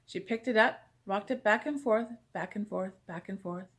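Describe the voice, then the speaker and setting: A woman reading a children's picture book aloud, gentle and expressive in bedtime style. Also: medium pitch, normal speed. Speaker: storyteller.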